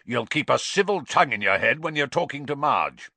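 A man reading aloud and voicing a loud, snarling, bullying middle-aged uncle. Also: mid-range voice, very animated, unhurried, no room sound, voice pushed up, exaggerated voice. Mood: blustering.

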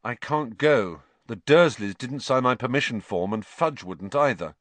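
Male reader as a weary schoolboy, heavy and flat. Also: medium pitch, measured pace, no room sound, pitched above the performer's own voice. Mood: glum. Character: glum, weary teenage schoolboy.

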